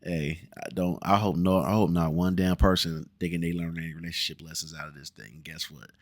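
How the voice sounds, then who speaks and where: A man with a low voice and an American accent from around Cincinnati, giving a casual review of a TV show. He talks bluntly and with plenty of profanity, sounding exasperated, and puts on mock voices for the characters. The recording is dry, with no room sound. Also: steady tone, a little fast, no echo. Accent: American, Cincinnati area. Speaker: TV review vlogger.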